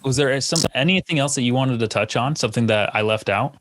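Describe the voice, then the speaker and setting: Male host, mid pitch, dry close sound, eager and rambling. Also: fast talker, dry recording. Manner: rambling, restarts, enthusiastic. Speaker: podcast host. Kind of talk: casual interview chat.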